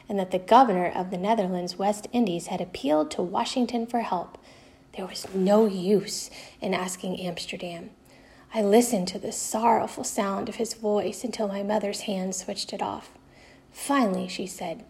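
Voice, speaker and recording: A woman reads a first-person novel chapter aloud for a class. Her telling is steady and even, slipping briefly into the voices of the characters. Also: mid-range voice, normal speed. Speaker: reader.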